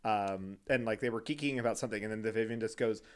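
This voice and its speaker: A young man co-hosting a podcast in casual chat, animated and giggly as he tells stories. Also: fairly low pitch, quick pace, smooth. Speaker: podcast co-host.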